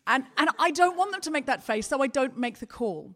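A woman's voice: high-pitched, sing-song, brisk, few pauses, fairly bright tone. Chatty storytelling woman host. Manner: chatty storytelling, self-mocking. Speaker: podcast co-host. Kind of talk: live comedy podcast chat. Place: theatre stage before a live audience.

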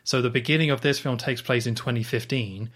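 A man chats about a film with his co-host, tossing in playful asides about dates and lines. His voice is at an everyday middle pitch, and he keeps the talk light and conversational. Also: steady tone, fairly bright tone. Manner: quick with chatty asides and joking interjections. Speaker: podcast co-host. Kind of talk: casual film discussion chat.

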